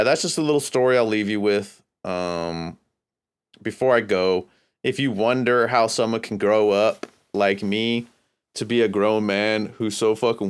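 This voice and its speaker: With a smooth, lowish voice, a podcast host from California, USA relaxes into a lengthy, rambling, foul-mouthed story in a casual manner.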